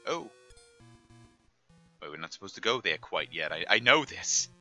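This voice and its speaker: A male streamer gives loose, joking gameplay commentary in a lowish voice with a sharp, tense edge. He rambles and trails off with lots of "uh" and "like", with faint game music underneath. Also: big pitch swings, moderate pace. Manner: joking, rambling asides with many fillers.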